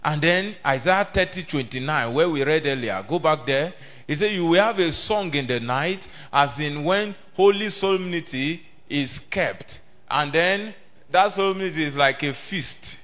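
A male preacher delivering a sermon, swinging between loud emphatic declaiming and quieter talk, calling on the congregation to respond. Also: a little high, lively intonation, measured pace. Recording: dull lo-fi sermon recording.

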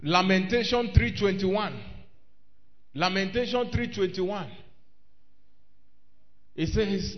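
A man preaching a sermon, reading old-scripture and rising to shouts. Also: high-pitched, animated, slow pace, long pauses. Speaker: pastor. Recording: dull lo-fi recording.

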